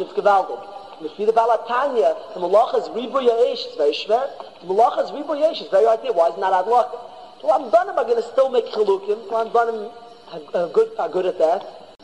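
Rabbi lecturing a yeshiva class: high voice, emphatic, repeats himself, long hall reverb. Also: male voice, lively intonation, a little fast, a little mellow. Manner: emphatic, repeats and restarts phrases. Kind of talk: Torah lecture.

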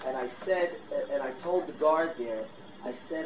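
A middle-aged male rabbi delivers an exhorting sermon, peppering it with Hebrew and Yiddish terms. His voice sits a little high for a man. The recording is roomy and dull, with clear noise underneath. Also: a little fast. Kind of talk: Torah class sermon.

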